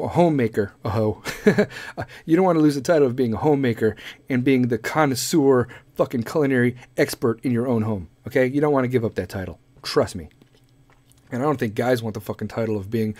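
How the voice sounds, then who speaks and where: A man's voice: medium pitch, normal speed, dry recording. Profane ranting man, dry close sound. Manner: profane, rambling, animated. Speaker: podcast host. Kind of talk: comedic rant.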